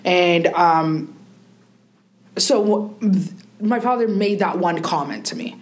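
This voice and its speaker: A young adult woman, a podcast guest, telling an emotional personal story with animated delivery and mimicked family voices. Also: fairly low pitch, slow.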